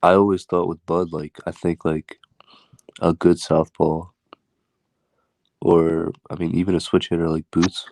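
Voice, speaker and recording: Man, very deep voice, flat delivery, hesitant, dry sound. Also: a little slow, gravelly, pauses often, dry recording. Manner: hesitant, lots of likes and restarts. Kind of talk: casual boxing debate.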